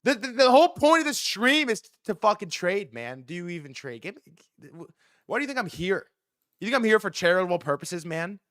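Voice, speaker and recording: A man hosting a live market stream, ranting fast and heatedly with frequent swearing. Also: high voice, dry recording, clean studio sound. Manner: fast, excitable delivery. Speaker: livestream host.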